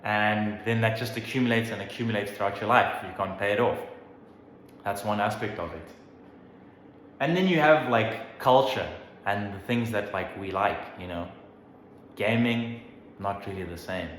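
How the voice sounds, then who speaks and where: A young man in his twenties talks through his opinions in a loose, rambling way, leaning on fillers and the odd curse. His voice sits a little low. The room rings noticeably around him, with a faint hum underneath. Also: moderate pace, a bit bright. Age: 20s. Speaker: vlogger. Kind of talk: casual opinion monologue. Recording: roomy with faint background hum.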